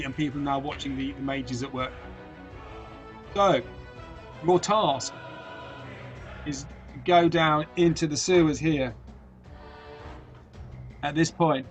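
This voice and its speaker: A man narrating as game master of a tabletop game, his voice a little higher than most men's. He stalls often on "uh" and repeated words. Faint music plays behind him. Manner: hesitant, full of fillers and restarts.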